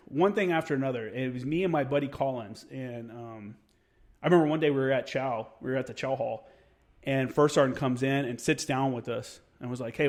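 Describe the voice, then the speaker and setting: A young man telling a story in casual podcast chat, swearing freely and acting out the quotes of the people in it. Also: mid-range voice. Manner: profane, animated storyteller who acts out quotes. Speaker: podcast guest.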